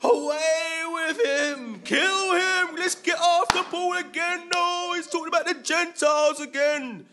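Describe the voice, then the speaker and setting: A man voicing an outraged ancient crowd, yelling in a high, shrill voice. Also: a little slow, few pauses, music in the background. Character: furious shouting ancient crowd of men.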